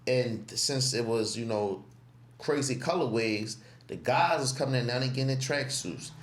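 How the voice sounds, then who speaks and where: A man's voice: medium pitch, normal speed. A man, a podcast guest who tells casual, profane stories and acts out what he said back then. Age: 20s. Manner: profane, animated, acts out his own past remarks. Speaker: podcast guest, clothing brand owner. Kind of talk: casual storytelling. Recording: roomy echo.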